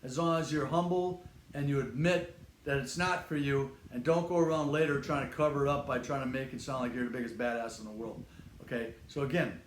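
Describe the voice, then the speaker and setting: A man's voice: mid-range voice, fairly even intonation, brisk. An older man hosting his fitness channel, talking casually and bluntly to the camera, acting out the voices of people he quotes. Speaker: fitness channel host, retired instructor. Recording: echoey room with faint noise.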